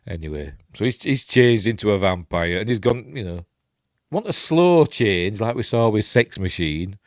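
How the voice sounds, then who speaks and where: A man's voice: lowish voice, big pitch swings, normal speed, no room sound, studio quality. A man with a Yorkshire accent casually recapping a film as he watches it, rambling with lots of ums and self-corrections. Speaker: film reviewer.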